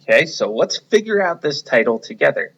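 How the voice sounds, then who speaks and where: Guy teaching little kids to read, bright voice, slightly muffled audio. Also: on the high side, sing-song, creaky. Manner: slow, encouraging, leads the class step by step. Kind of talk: reading lesson for young children.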